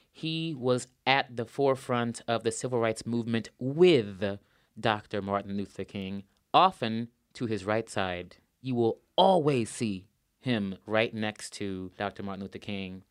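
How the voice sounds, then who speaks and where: A man's voice: mid-range voice, smooth, no echo, clean studio sound. A man, an opera singer, answering interview questions in an earnest, thoughtful way and repeating words for emphasis.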